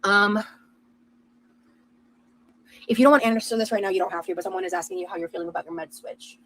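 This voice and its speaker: A woman's voice: mid-range voice, fast, low-quality recording. A woman vlogger chatting casually and reading out viewer messages in an upbeat way. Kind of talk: casual vlog chat.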